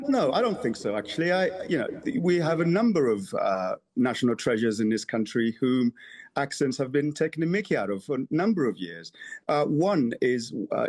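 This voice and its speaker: A man, a councillor, being interviewed on television, who speaks in a measured way, pronouncing every word carefully, with hesitant fillers. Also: mid-range voice, sing-song, a little mellow. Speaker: councillor guest.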